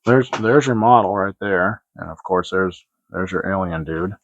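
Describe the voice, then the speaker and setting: A man's voice: deep voice, normal speed, noisy background. A man hosting a casual model-kit show-and-tell vlog, rambling and hesitant, with many fillers and restarts. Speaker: hobby model-kit channel host. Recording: dry, slightly dull lo-fi sound.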